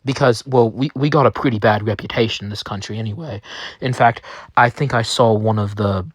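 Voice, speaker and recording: A man's voice: fairly low pitch, no room sound, studio quality. A man casually narrating a made-up story in a rambling way. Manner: rambling, unhurried.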